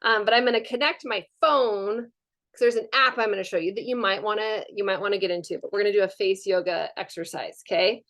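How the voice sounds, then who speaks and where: A chatty, upbeat woman leads a live online workshop over a video call. She talks at a middling pitch and keeps things casual, with plenty of fillers as she walks the group through each step. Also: fast, fairly bright tone. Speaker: wellness class presenter.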